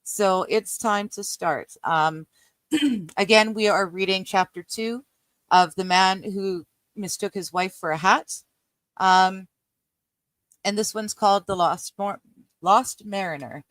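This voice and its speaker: A middle-aged Canadian woman chats with her stream audience in a mid-pitched voice. Her talk wanders, full of ums and easy laughter. The sound is dry and close, with no room echo. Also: slow pace, fairly bright tone. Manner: chatty and rambling, laughs often, many ums. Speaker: live-stream host reading a book aloud. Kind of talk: casual live-stream chat with viewers.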